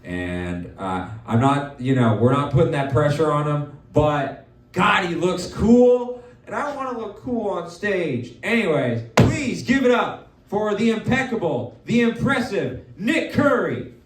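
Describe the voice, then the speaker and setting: A manic man hosting a live comedy show, his voice rising high and swinging all over. He is heard in a roomy club, a little off the mic. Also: very animated, unhurried, distant mic. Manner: manic, loud, shifts into mocking voices. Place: live comedy venue with audience.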